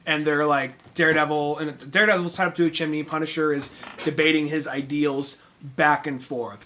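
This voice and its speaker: Upbeat bright-voiced man chatting. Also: fairly high pitch, normal speed. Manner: animated, acts out characters mid-sentence. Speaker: podcast co-host. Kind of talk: casual chat.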